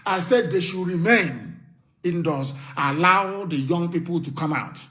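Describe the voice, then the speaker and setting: Speaking unhurriedly in a high, pushed, bright voice, a Nigerian man leads a live broadcast as a political activist. His impassioned speech drives rhetorical questions and issues stern warnings.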